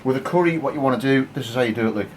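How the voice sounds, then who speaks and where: A man's voice: medium pitch, racing, slight background noise, rough recording. A man giving a casual, cheeky and crude cooking demonstration in his home kitchen. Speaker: home cook.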